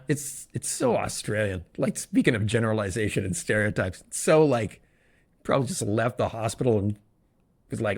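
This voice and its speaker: A man with a low, gravelly voice hosts a solo podcast of good news. His talk is loose and rambling, full of jokes and sudden asides that cut off his own sentences. He sounds like someone thinking out loud as he goes. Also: lively intonation, normal speed. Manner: rambling, joking, self-interrupting asides. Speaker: podcast host.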